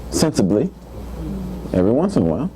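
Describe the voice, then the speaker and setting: A middle-aged man, an imam, giving a playful, animated faith-based lecture to a live audience, often repeating words as he builds a point. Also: mid-range voice, brisk, slight background noise, low-quality recording.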